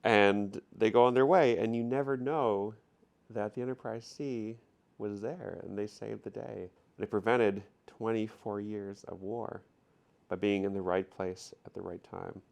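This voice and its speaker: A man's voice: on the low side, steady tone, a little slow, vocal fry, a little mellow. A man casually retelling a story for laughs, flippant and slangy, laughing often and loosely voicing the characters he quotes. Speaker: storyteller recapping an episode.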